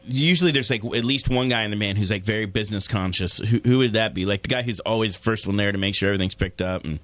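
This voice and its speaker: A man's voice: fairly low pitch, quick pace, a bit bright. A man hosting an interview, asking questions in a loose way, teasing his guest and laughing often. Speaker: interviewer, host. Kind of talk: casual interview chat.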